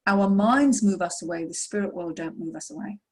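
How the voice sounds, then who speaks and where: A woman's voice: fairly low pitch, brisk, darkish tone. A woman answering questions as a mediumship teacher in an online session, explaining in an encouraging way.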